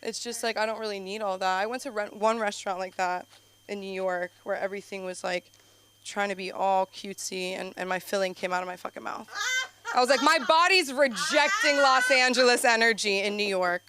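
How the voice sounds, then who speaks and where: A young adult woman doing an open-mic stand-up set on a comedy club stage. She tells stories in a rambling, animated way, full of "like", and jumps her voice up for punchlines. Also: mid-range voice, brisk, a little hiss or hum. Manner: rambling, filler-heavy storytelling with frequent "like".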